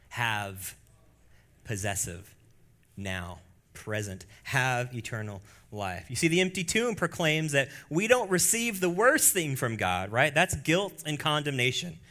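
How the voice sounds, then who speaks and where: A pastor delivers a church sermon slowly, pausing often, in a bright, clear-edged male voice. He sinks into hushed, low passages and then rises to loud, high exclamations. Throughout, he stays lively and speaks directly to the congregation.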